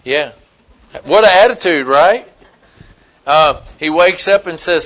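Male pastor preaching, high voice, bright tone, emphatic storytelling, repeats phrases. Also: animated, slow. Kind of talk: sermon.

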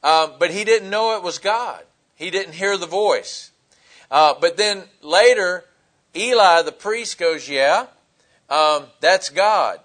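Male pastor, high voice, casual sermon delivery with filler words. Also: slow, a bit bright. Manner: conversational preaching with fillers, acting out Bible dialogue.

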